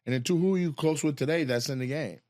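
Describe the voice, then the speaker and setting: A man, a comedian hosting a casual chat, telling a story with animated, profane delivery and laughter. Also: fairly high pitch, fast, no echo, studio quality. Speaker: comedian host.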